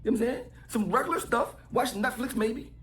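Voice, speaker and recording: A man's voice: extremely high pitch, fairly quick, fairly bright tone, echoey room, soft background music. A middle-aged man ranting heatedly, mocking and scolding someone in a played clip. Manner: mocking, scolding, trash-talking.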